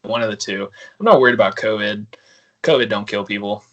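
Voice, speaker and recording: A man's voice: lowish voice, a little fast, a bit bright, muffled recording. A man chatting casually as a podcast guest, telling prank stories with lots of laughter and acting out the other people's lines. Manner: laughing, storytelling, acts out quoted voices.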